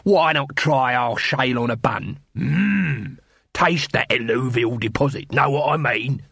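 A man voicing a shifty middle-aged street food hawker with drawn-out, wheedling sales patter. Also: medium pitch, creaky, fairly bright tone, breathy edge, no echo, studio quality, heavily acted.

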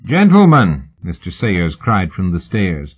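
A man reads a novel aloud in a measured, steady narrating manner. His voice is low and husky. The recording is thin and band-limited, like a phone line. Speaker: audiobook narrator. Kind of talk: scripted narration. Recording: narrow phone-like audiobook sound.

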